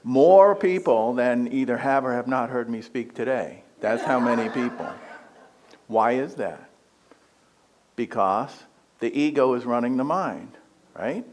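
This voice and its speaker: A man giving a conversational spiritual talk as a guest speaker, joking and asking the audience questions. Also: medium pitch.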